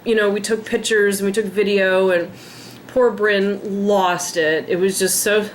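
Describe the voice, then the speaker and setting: A woman in her thirties talking in a casual personal vlog, emotional and drained, rambling with sighs and halting starts. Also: medium pitch, fairly even intonation, a little hiss or hum. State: tearful, drained. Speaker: pet vlogger.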